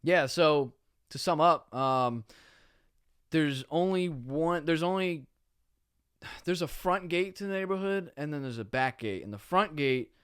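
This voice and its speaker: A man's voice: on the high side, a little slow, a bit bright, clear, resonant tone, no echo, studio quality. Laid-back slangy man telling a story. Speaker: podcast guest. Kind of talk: casual storytelling chat. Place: podcast studio.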